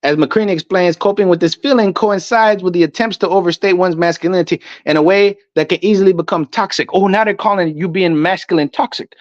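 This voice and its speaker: Loud ranting man, dull lo-fi sound. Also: sits high, fairly quick, hardly any pauses, dry recording. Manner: loud, emphatic and profane, stammers with repeated words. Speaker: online commentator. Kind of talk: ranting commentary reading definitions aloud.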